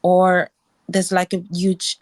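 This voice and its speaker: A British woman from Cambridge, a nurse, calling into an online audio chat room and talking things over in a measured, thoughtful way with frequent restarts. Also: fairly low pitch, completely flat delivery, dry recording. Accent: British English, Cambridge area. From England. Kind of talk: casual chat. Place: home, remote audio chat call.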